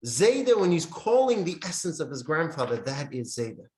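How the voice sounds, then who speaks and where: A man teaching a lesson on Jewish meditation, speaking in short emphatic phrases with pauses and reading from a handout. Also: fairly high pitch, very animated, darkish tone. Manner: reads from a text handout. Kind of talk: classroom lesson with storytelling. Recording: roomy echo.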